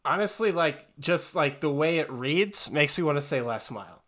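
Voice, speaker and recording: A man co-hosting a casual sports chat, hesitant at first and quick to join the jokes. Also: on the high side, expressive, a bit bright. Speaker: co-host.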